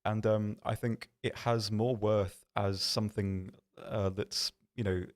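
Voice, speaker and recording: A man hosting a game livestream from an office, answering viewer questions in a rambling, self-deprecating way with many pauses and restarts. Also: lowish voice, flat delivery. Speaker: stream host. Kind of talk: casual livestream chat reading viewer questions.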